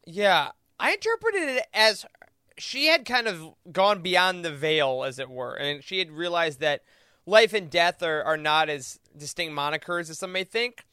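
A man with a bright, smooth voice and a fairly high pitch, recorded dry and close. He co-hosts a podcast and works through ideas aloud in a relaxed, thoughtful way, with plenty of fillers. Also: unhurried, dry recording. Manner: thoughtful, interprets at length with many fillers. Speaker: podcast co-host. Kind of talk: casual discussion.

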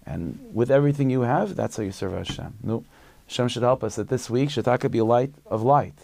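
A man, a religious teacher, telling a story as a short sermon in a conversational, halting way with many restarts. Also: medium pitch, creaky, a little mellow, no echo.

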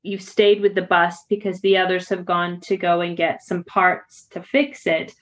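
A woman's voice: fairly low pitch, fairly even intonation, moderate pace. A woman interviewing, reading passages from a journal aloud and prompting the guests with questions. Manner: inquisitive, narrating and prompting.

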